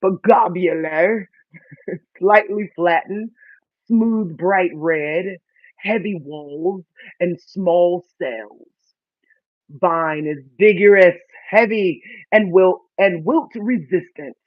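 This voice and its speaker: A man with a high voice chats casually as he gets his first garden seeds ready. He laughs at himself and trips over words as he reads the seed packets aloud. The sound is tinny like a phone line and very dry. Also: dry recording. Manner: chatty, self-mocking, reads labels aloud haltingly. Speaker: vlogger. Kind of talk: casual chat while gardening.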